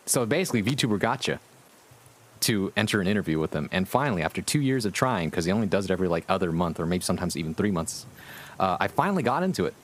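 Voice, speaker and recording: Low-voiced man streaming casually. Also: sing-song, fast talker. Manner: amused, profane, rambling. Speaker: VTuber streamer. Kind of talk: casual live-stream chat.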